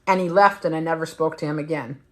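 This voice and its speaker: A woman's voice: deep voice, fairly even intonation, quick pace. A woman hosting a weight-loss livestream, telling a personal story in a blunt, emphatic way with plenty of swearing. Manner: blunt, heavily profane, emphatic. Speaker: weight-loss challenge host.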